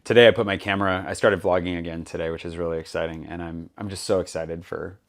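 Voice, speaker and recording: Man, podcast host, quick pace, casual chat, animated retelling of confrontations. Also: sits low. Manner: animated storyteller, acts out quoted exchanges. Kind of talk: casual conversation.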